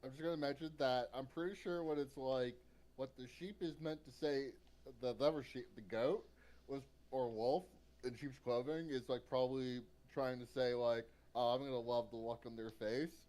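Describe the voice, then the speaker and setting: A man co-hosting a casual comic-review podcast, commenting on panels in an animated, amused way. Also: mid-range voice, moderate pace. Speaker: podcast co-host.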